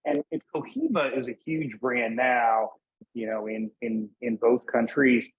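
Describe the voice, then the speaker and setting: Husky-voiced male interview guest. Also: medium pitch, measured pace, muffled recording. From Northeast Pennsylvania. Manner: easygoing, conversational, with "you know" fillers. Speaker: guest, cigar brand manager. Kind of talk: casual interview.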